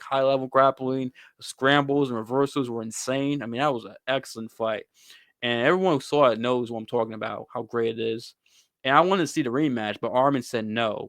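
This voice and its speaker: A male host delivers casual, opinionated sports commentary with a blunt, slangy edge. His voice is smooth and clear at an ordinary pitch. The recording is close and dry, with no room sound. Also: fairly bright tone, no room sound. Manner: blunt, opinionated, swears and says "bro".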